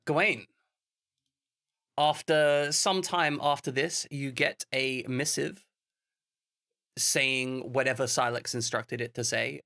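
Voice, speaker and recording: A man's voice: mid-range voice, steady tone, slow pace, pauses often, pushed and bright. A man running a tabletop game as game master, laughing often and joking at his own expense. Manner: laughs often, self-deprecating.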